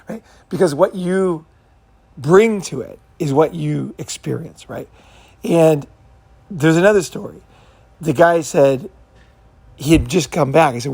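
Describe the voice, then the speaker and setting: A man's voice: on the high side, a little fast, gravelly, darkish tone, breathy edge. A man talking in a rambling, unscripted monologue, swearing freely and repeating himself as he tells stories. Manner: profane, rambling storyteller who repeats himself. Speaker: channel host.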